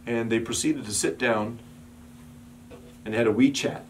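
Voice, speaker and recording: A man preaching a sermon as pastor, building emphatic repeated calls and sometimes dropping to a soft, quiet storytelling voice. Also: medium pitch, fairly even intonation, measured pace, slight background noise.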